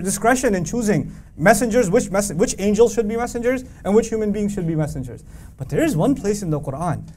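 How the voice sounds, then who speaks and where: High-voiced man giving a lively religious lecture. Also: a little hiss or hum. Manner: animated, asks the audience rhetorical questions; recites Arabic verses between English explanation. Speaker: Quran teacher. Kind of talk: religious lecture to a live audience.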